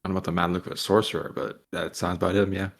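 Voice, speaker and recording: A man's voice: sits low, flat delivery, very fast, vocal fry. A man chatting casually as a player in a tabletop role-playing game, loose and questioning.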